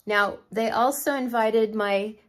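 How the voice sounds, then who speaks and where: A woman's voice: a little high, slow pace. A middle-aged woman makeup artist chatting effusively to her viewers, asking rhetorical questions as she goes. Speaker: makeup artist and beauty vlogger. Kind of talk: chatty direct-to-camera talk.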